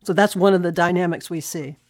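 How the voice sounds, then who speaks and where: A woman explaining historical sources in an animated, conversational way, reading quotations aloud. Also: lowish voice, a little fast, no echo. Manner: animated, reads quotes aloud with laughs. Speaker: historian guest.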